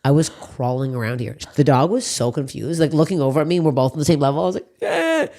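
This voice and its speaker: A woman hosting a podcast, telling stories in casual chat with lots of swearing. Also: rumbling low. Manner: rapid, profane, animated storytelling. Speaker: podcast host.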